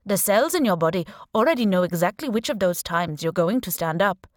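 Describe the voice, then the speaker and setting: A woman voicing a male scientist with a strong Indian accent, explaining with animated, filler-laced lecturing in an audiobook. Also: mid-range voice, a little fast, no echo, clean studio sound, close to an everyday voice. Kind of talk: audiobook character voice.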